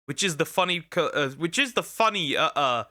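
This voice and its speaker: Streamer guy reacting to a vid, kinda high voice, rambly jokey slang. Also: expressive, fairly quick, pushed and bright, dry recording, studio quality. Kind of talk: casual reaction commentary.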